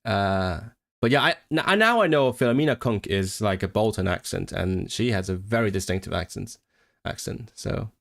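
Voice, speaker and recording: A man's voice: on the low side, lively intonation, moderate pace, creaky, fairly bright tone. A man, a Cantonese speaker, chatting casually on a livestream, talking in bursts with many restarts. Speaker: language streamer.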